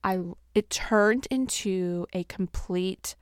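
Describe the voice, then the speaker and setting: A woman's voice: mid-range voice, takes it slowly, smooth, no room sound, clean studio sound. A woman hosting a podcast, candidly telling personal stories and acting out what people said. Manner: candid storyteller, acts out quotes with bursts of speed. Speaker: podcast host. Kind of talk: personal reflective talk.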